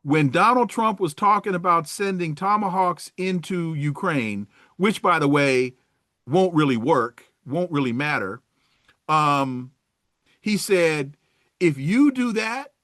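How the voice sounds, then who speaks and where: A man talking politics as a guest, animated and sardonic, often tripping over his words. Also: a little high, slow, no echo, studio quality. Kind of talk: casual political talk.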